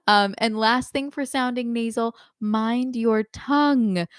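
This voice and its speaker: A woman's voice: fairly high pitch, slow pace, clean tone, no room sound, studio quality. A young adult woman teaching a live online singing lesson, explaining in a friendly way with frequent ums and short sung demonstrations.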